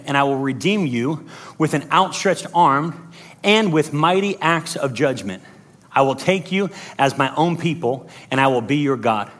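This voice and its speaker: A man voicing the Lord in a sermon, speaking slowly, gravely and with command. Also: mid-range voice, fairly bright tone, pitched below the performer's own voice, close to an everyday voice. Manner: slow, solemn and grave. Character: the Lord, solemn commanding male divine voice.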